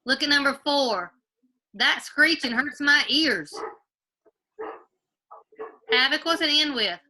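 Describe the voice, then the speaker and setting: Brief: woman grade-school teacher on a video call from home, very bright, slightly high voice, patient, repeats questions. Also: lively intonation, slow pace, a little hiss or hum. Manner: patient, quizzes pupils by name, repeats questions. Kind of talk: online class teaching.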